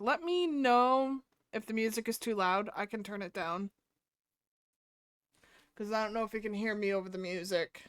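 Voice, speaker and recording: A woman's voice: a little high, a bit bright, clean tone, dry recording. A woman live streaming, chatting casually and playfully with her viewers while she colors, swearing now and then.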